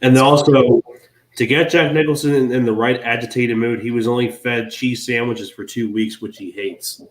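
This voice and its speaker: Man, casual podcast, reads trivia aloud, middle pitch. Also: fairly even intonation, moderate pace, poor audio. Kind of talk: casual movie chat.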